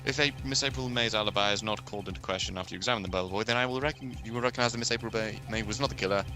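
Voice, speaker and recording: A smug, cold male prosecutor, played by a man in a game fan dub, speaking in formal, haughty courtroom phrases. His voice sits low and moves quickly, with clear game music playing behind. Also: natural voice.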